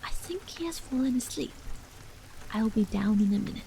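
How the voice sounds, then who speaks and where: A woman voicing an anxious, strained wife and mother in whispered role-play, low and trembling. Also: expressive, normal speed, warm tone, slight background noise, low-quality recording.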